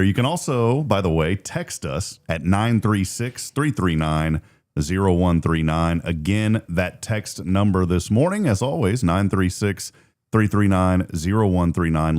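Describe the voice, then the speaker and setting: A man's voice: deep voice, darkish tone. A middle-aged man hosting a morning radio show, chatting casually, joking and laughing often.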